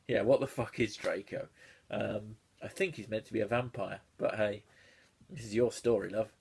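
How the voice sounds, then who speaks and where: A man's voice: lowish voice, fairly even intonation, normal speed, creaky, a little mellow, husky. A man reading a bad fan fiction aloud with sardonic, sweary, laughing commentary. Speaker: YouTuber reviewing fan fiction. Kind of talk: comedic read-through commentary.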